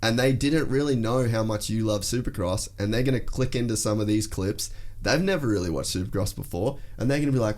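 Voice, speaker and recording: A man's voice: fairly low pitch, brisk, a little mellow. An Australian man hosting a casual podcast, talking bluntly and swearing freely in long rambling runs. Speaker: podcast host.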